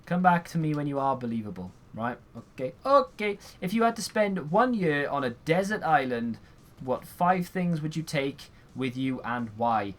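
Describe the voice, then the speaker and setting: This young man's voice sits on the high side, with lively intonation and a moderate pace. He plays a game and fields viewer questions in a rambling, sarcastic way, frequently yawning, and there's a little background noise.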